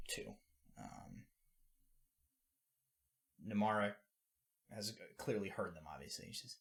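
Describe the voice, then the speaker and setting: Low-voiced man narrating a tabletop game. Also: lively intonation, slow, gravelly, pauses often, fairly bright tone. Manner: casual, many fillers and restarts. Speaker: game master.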